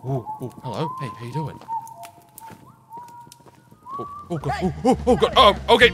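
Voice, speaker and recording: A man giving excitable, jokey let's play commentary, taunting enemies as he plays, recorded on a desk mic with game music behind him. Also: high voice, normal speed, pauses often. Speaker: gaming YouTuber.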